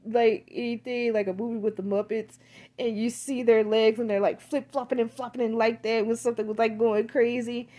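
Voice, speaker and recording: A woman's voice: fairly high pitch, warm tone. A woman casually recapping a film's plot, rambling with crude slang and lots of filler words. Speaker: film reviewer.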